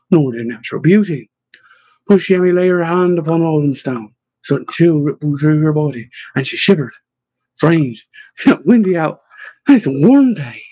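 Husky, mellow male storyteller. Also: on the high side, dry recording, highs cut off. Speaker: audiobook narrator. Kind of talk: scripted narration.

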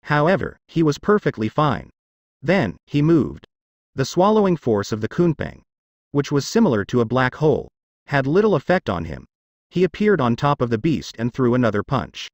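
A male audiobook narrator telling a fantasy web novel. His pitch moves freely across a wide range as he tells the story. The recording is dry, with no room sound. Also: very animated, normal speed, dry recording, muffled recording.

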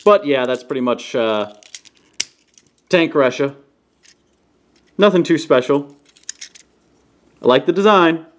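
A man casually reviewing toys on camera, playful, often breaking into goofy high-pitched exclamations. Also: expressive, slow, pauses often, a little hiss or hum. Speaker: toy reviewer. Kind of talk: casual hands-on product review. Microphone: camera he sets up himself.

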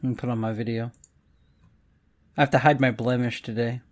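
A man's voice: medium pitch, little pitch movement, brisk, no room sound. A man hosting a casual podcast, teasing his friends and laughing often. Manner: playful, teasing, laughs a lot. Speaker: podcast host. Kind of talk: casual chat.

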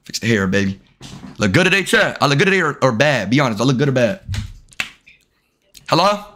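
A man's voice: mid-range voice, sing-song, brisk, bright, forceful tone, slight background noise. Brash, cursing young male streamer. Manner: brash, profane, talks straight to chat. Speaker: live streamer. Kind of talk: live stream chat with video-call strangers.

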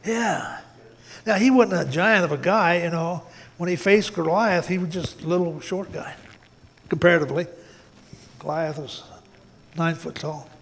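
A man's voice: a little high, unhurried, long pauses, fairly bright tone, long reverb tail. A man preaching a sermon as pastor, folksy and plain-spoken, often repeating words and tossing in "man". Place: church sanctuary.

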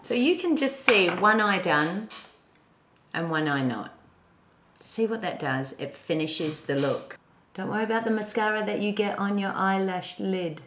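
A woman's voice: fairly low pitch, fairly bright tone, a little hiss or hum. A middle-aged woman gives a chatty, instructive makeup tutorial and talks through each step as she applies it. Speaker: beauty vlogger. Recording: echoey room.

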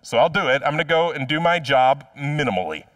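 A sulky, self-centered prophet grumbles and whines with sarcastic reluctance, as a preacher puts him on in a light, higher voice. The sound comes from a mic set well back, with a dry, flat room. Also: male voice, fast, dry recording, distant mic. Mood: grudging.

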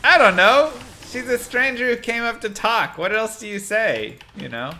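A man's voice: sits high, big pitch swings, normal speed, vocal fry, bright, forceful tone, slight background noise. A man casually commenting on his gameplay during a live stream, chatty and rambling with frequent laughs. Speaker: game streamer.

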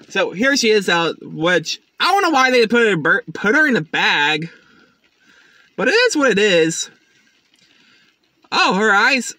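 Bright, high-voiced tired man vlogging. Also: no room sound. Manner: chatty, rambling, with restarts and fillers. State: tired, up since early morning. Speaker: YouTube unboxing host. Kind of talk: casual unboxing vlog.

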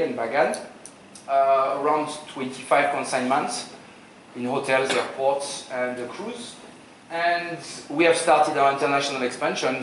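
His voice is a little high, and the mic sits far away in a very echoey hotel conference room with a bit of hiss or hum. He's a man from France in his forties with a French accent, presenting a casual, humorous sales seminar and quizzing the audience.

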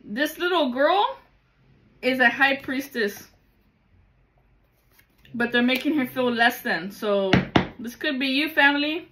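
A woman's voice: high voice, expressive, slow, pauses often, a bit bright, slight background noise. A woman giving a casual tarot reading to viewers, emphatic and blunt, swearing often and calling the listener baby. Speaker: tarot reader.

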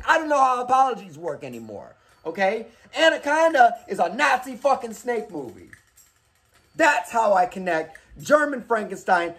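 The voice swings widely up and down as this host rants, cursing nearly every line and wandering off on tangents. It is a casual, unscripted daily movie-pick vlog with faint music underneath. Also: medium pitch. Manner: animated, swears constantly, rambling tangents. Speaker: horror movie recommender, show host. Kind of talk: casual profane rant.

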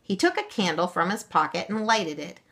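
A woman reading a children's story aloud, expressive and gentle. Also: on the low side, normal speed.

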